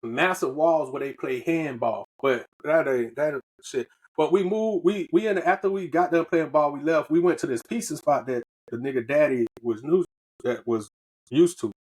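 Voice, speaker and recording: Man, podcast co-host, husky voice that sits a bit high, rambling slangy storyteller. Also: normal speed, a little mellow. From Southern United States. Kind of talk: casual storytelling chat.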